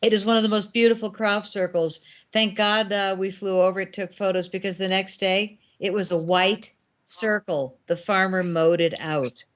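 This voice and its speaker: A middle-aged woman spins a story in easy conversation, acting out the voices of the people in it. Her pitch sits in an ordinary middle range, and she talks freely and expressively. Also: normal speed. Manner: animated anecdotes with acted quotes. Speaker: guest filmmaker. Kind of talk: casual storytelling.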